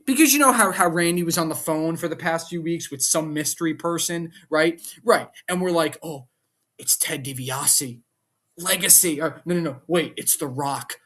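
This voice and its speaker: A man reviewing a wrestling show in a casual vlog, ranting in an animated, exasperated way and firing off rhetorical questions. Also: fairly high pitch.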